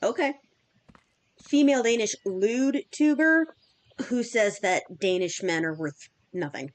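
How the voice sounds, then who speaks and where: A woman's voice: fairly high pitch, expressive, measured pace. A woman in her thirties chatting casually and rambling with fillers while streaming a game. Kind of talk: casual chat while gaming.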